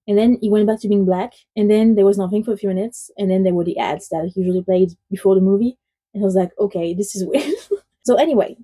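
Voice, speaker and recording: Very mellow-voiced French woman. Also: medium pitch, poor audio. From France. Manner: chatty and rambling, many "like" fillers. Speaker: film review YouTuber. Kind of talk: casual spoken film review.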